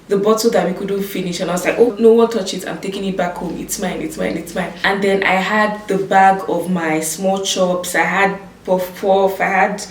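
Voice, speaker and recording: A woman's voice: mid-range voice, reverberant, distant mic, a little hiss or hum, low-quality recording. A young woman telling a dramatic story to her viewers, acting out what people said. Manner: animated storytelling, acts out quoted voices. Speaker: vlogger. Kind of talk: storytime vlog.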